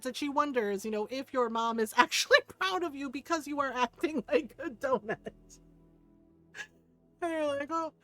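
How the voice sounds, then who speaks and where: With a high voice, a woman game streamer chats casually, an animated storyteller who laughs often, swears freely and mimics her relatives. There's no room sound, and the audio is poor.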